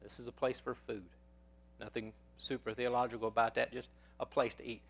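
A man's voice: medium pitch, level tone, fairly quick, gravelly, fairly bright tone. A man preaching a sermon, telling personal stories in a folksy way and often repeating words as he goes.

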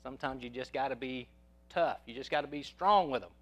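A man's voice: medium pitch, a little fast. Folksy preacher man telling stories. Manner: folksy storyteller, repeats words as he goes. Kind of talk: sermon with personal storytelling.

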